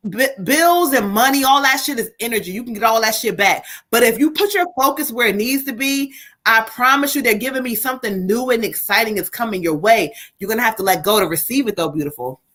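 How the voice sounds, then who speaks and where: A woman's voice: a little high, animated, brisk, fairly bright tone. A woman hosting a live tarot reading, blunt and emphatic and full of profanity. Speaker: livestream host and tarot reader.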